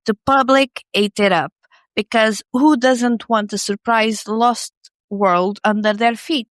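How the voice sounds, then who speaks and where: A woman's voice: on the high side, steady tone, slow pace, no room sound. A woman co-hosting a podcast, narrating in a scripted comedic style with wry, sarcastic asides. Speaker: podcast co-host.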